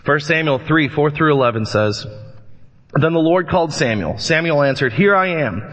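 A man preaching a sermon, reading scripture and telling lively anecdotes as he acts out voices in the stories. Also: a little high, moderate pace. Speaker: pastor. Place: church sanctuary. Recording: long church reverb, dull lo-fi sound.

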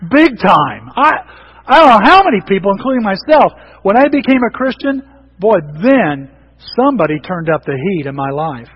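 A pastor delivers a lively, conversational sermon with a fairly high, slightly husky voice. He restarts sentences as he goes. The sound is dull and lo-fi. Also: moderate pace, long reverb tail. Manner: animated and conversational, frequent restarts.

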